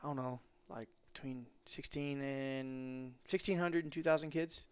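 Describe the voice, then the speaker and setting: A man telling stories casually as a guest, acting out quotes in lively bursts. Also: unhurried, clean tone, no room sound. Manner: animated, acts out quotes with big jumps in pitch. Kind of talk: casual storytelling.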